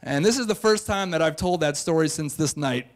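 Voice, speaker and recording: A man's voice: fairly high pitch, fairly quick. A man telling a comic, self-mocking true story on stage to a live audience, in a brash, boastful way.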